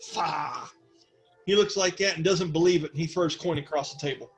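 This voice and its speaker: A man's voice: a little high, fast talker. A man narrating as game master of a tabletop role-playing game, slipping into sarcastic character voices. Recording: faint music behind.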